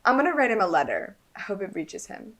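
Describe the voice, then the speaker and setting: A woman's voice: medium pitch, quick pace. Playful woman improvising a comic story. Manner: playful, giggly, animated storytelling. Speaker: podcast co-host.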